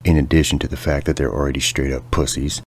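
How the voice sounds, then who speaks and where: A man's voice: very deep voice, fairly even intonation, fast talker, husky. A man hosting a comedy podcast, talking in a crude, sarcastic, ranting way. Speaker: podcast host.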